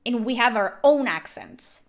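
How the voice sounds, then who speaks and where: Woman, Canary Islands Spanish accent, native Spanish speaker, live-stream game commentary, animated, opinionated, fairly high voice. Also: a little slow.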